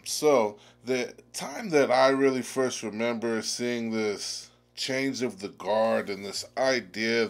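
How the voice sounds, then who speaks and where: A man with a lowish voice delivers an opinionated commentary to his viewers. He speaks emphatically and casually, dropping in the odd filler as he builds his case. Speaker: video essayist host.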